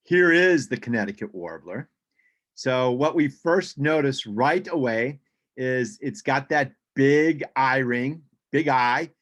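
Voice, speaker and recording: A man giving a casual birding presentation over a video call, chatty, with frequent ums and restarts. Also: medium pitch.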